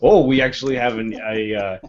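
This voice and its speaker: A man's voice: medium pitch, steady tone, fairly quick, lo-fi sound, a crowd in the background. A man hosting a casual podcast, easygoingly reading out listener questions. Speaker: podcast host.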